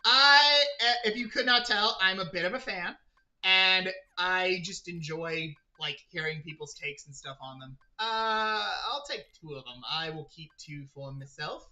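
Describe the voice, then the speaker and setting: In an unhurried, high-sitting voice that sounds pushed and bright, a gamer livestreams and chats casually. He rambles along while playing, addressing both his chat and himself.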